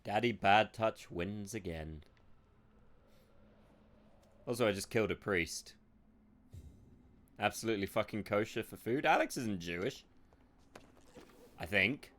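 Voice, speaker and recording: Sweary streamer, sarcastic banter. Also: male voice, fairly low pitch, expressive, measured pace, pauses often, a bit bright. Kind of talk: live game streaming commentary.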